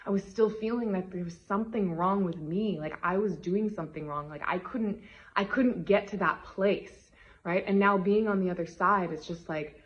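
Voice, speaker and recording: A woman's voice: medium pitch, moderate pace. Gushing woman coach with muffled sound. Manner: gushing, emphatic, lots of "right?" tags. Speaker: love coach. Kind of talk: motivational vlog talk.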